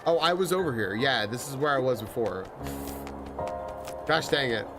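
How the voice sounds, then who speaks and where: A young man thinking aloud while he plays, his voice bouncing lively up and down as he wanders from thought to thought. Soft game music runs faintly underneath his casual, rambling commentary. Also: mid-range voice, normal speed. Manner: casual, musing, full of fillers. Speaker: game streamer. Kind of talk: live gameplay commentary.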